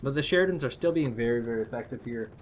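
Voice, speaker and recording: A man's voice: mid-range voice, lively intonation, racing, a little hiss or hum. A man casting a strategy game match in a rambling, jokey, think-aloud way. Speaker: esports caster. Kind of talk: casual game commentary.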